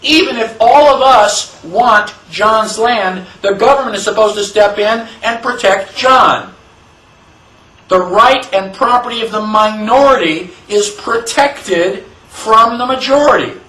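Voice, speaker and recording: A man's voice: high-pitched, measured pace, pushed and bright. A man teaching a class on the constitution, in an emphatic style that is full of rhetorical questions. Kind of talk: classroom lecture. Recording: echoey room, mic far off.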